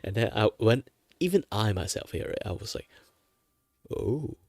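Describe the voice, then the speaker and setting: A man from Malaysia chatting casually on his art livestream, rambling with many fillers and frequent chuckles in a relaxed, low natural voice. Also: a little fast, no room sound, clean studio sound. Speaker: VTuber art streamer.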